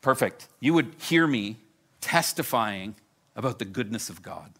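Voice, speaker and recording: A middle-aged man preaching a sermon, animated and storytelling, with self-deprecating humor. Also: mid-range voice, unhurried. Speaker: pastor.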